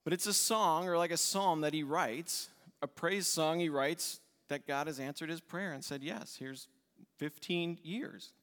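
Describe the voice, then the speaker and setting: A man's voice: a little high, moderate pace, a bit bright. A male pastor preaching a sermon with emphatic delivery, repeating key words in lists. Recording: long reverb in a church hall.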